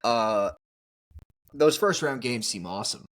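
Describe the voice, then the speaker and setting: Man co-hosting a sports podcast, mid-pitched voice, animated casual chat, laughs a lot. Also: measured pace. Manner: animated, talks over his co-host, laughs often. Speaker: podcast co-host.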